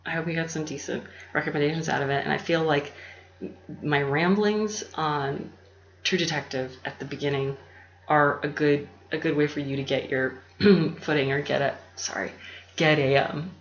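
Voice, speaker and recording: A woman hosting her own channel, rambling in a soft, half-whispered, meandering way and laughing often, recorded on a laptop. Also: low-pitched, steady tone, moderate pace. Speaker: YouTube channel host. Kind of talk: rambling casual monologue. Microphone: laptop mic. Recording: roomy, dull lo-fi with faint hum.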